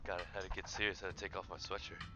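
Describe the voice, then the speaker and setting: A man's voice: low-pitched, little pitch movement, racing, noisy background, close to an everyday voice. A man playing a worried, cautious dad. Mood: earnest. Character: worried middle-aged father, cautious and earnest.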